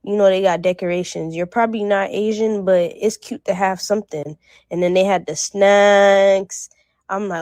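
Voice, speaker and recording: Excitable young woman with a slangy ramble. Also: medium pitch, moderate pace, dry recording. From North Miami area. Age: young adult. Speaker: vlogger. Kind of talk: casual shopping vlog.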